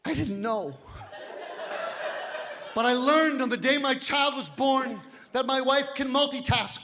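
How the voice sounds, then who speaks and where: A man in his fifties performing a stand-up comedy set, telling stories loudly and physically and shouting his punchlines. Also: very high voice, a little slow. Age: 50s. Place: comedy club stage. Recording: live hall reverb with faint noise. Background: audience laughter.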